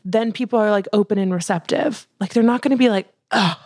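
A woman's voice: mid-range voice, quick pace, warm tone, dry recording, studio quality. A young woman co-hosting a podcast, chatting casually and animatedly with lots of fillers. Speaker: podcast co-host. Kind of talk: casual chat.

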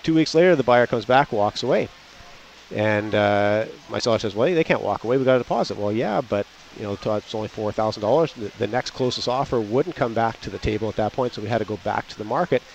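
A man's voice: lowish voice, a little fast, slight background noise. A man talking as a real estate agent guest on a radio show, chatty and full of anecdotes, speaking outdoors on a covered patio. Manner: chatty, anecdotal, acts out quotes. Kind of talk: casual radio talk. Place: outdoor patio under a roof. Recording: dull lo-fi sound.

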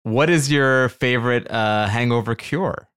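A man hosting a casual podcast interview, firing off quick food questions. He stays relaxed and laughs along easily. His pitch sits in the ordinary middle range. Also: clear, resonant tone, no room sound, clean studio sound. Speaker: podcast host.

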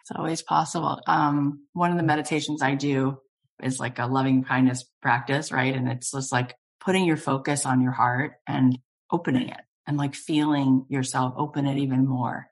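A woman hosting an interview, telling stories in an earnest, animated, heartfelt way. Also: a bass voice, normal speed. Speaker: podcast host. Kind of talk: casual conversational interview.

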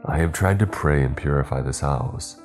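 A man voicing a calm, grave male priest who speaks in a measured, solemn way. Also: a bass voice, faint music behind.

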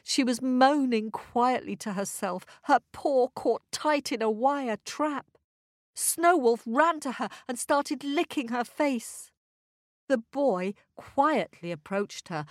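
A woman narrating a children's story, reading slowly and expressively. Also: high voice, lively intonation, dry recording, studio quality.

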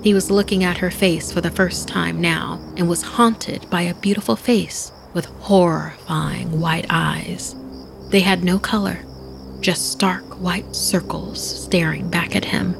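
Hushed, gravelly woman telling a ghost story. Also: on the low side, fairly even intonation, a little slow, background noise. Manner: hushed, often dropping to a whisper. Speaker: podcast host and storyteller. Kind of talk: scripted spooky narration. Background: music bed.

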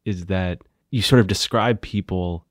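A man's voice: sits low, a little slow, dry recording, studio quality. A man asking casual, thoughtful interview questions, with lots of "like". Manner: casual, filler "like", laughs easily. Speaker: podcast interviewer.

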